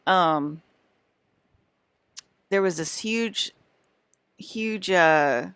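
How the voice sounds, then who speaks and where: A woman's voice: lowish voice, extremely slow, fairly bright tone, smooth, dry recording. A young woman vlogging to camera in a meandering, repetitive way, with many fillers and restarts. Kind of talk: casual rambling monologue.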